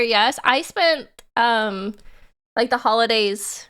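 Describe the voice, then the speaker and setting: Bubbly high-voiced young woman streamer. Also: takes it slowly, clean tone. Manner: excitable, laughs often, squeals in delight. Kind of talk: casual livestream chat.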